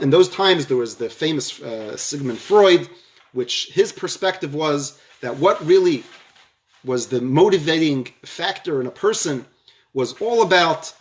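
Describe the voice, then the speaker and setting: A man giving a storytelling lecture on a religious theme, halting often and repeating words as he goes. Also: medium pitch.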